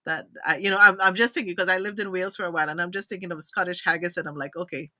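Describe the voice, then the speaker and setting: A woman from Trinidad hosting a live interview show on a video call, animated and expressive, drifting into tangents. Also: on the low side, racing. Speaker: host.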